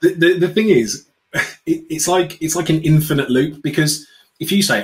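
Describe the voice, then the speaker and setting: An outspoken British man from the United Kingdom, a customer experience speaker appearing as an interview guest, chats animatedly, sarcastic and acting out little quotes. His voice is a bit high and slightly fast. The recording is low quality.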